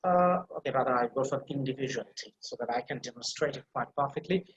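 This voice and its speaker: A man's voice: mid-range voice, fast, roomy sound. A man teaching English pronunciation in a live online class, patiently repeating words and restarting phrases as he explains, heard over a video call. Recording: slightly muffled video-call audio.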